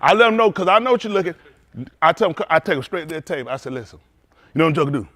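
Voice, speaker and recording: Animated high-voiced preaching pastor. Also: male voice, rapid-fire. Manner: animated storytelling preaching, calls out to the congregation. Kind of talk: sermon.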